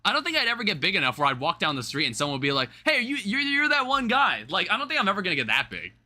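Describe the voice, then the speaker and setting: Young American man, livestreamer, rambling chat, lively high voice, very bright tone. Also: very fast. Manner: rambling, chatty, casual swearing. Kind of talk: casual live-stream chat.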